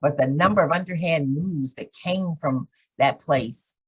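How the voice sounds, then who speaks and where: Husky-voiced woman telling candid stories. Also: low voice, measured pace, low-quality recording. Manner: animated, acts out others' lines in changed voices; candid, swears now and then. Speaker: guest. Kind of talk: casual conversation, storytelling.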